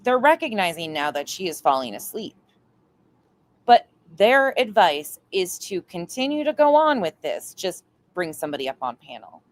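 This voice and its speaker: A woman's voice: fairly low pitch, sing-song, moderate pace. A woman doing live stream commentary, blunt and exasperated, swearing freely.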